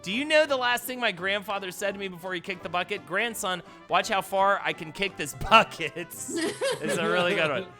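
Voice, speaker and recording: A man's voice: high-pitched, animated, moderate pace, music in the background. A man hosting a live stream, reading listener jokes aloud and laughing often. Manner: playful joke-telling, laughs often. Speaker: host.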